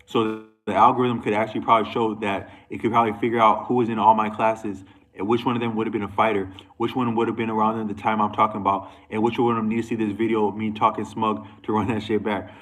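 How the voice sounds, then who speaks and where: A man's voice: fairly low pitch, flat delivery, fast talker, a bit bright, rough recording. A man talking to camera in a loose, rambling monologue, restarting sentences and going off on asides. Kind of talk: casual monologue.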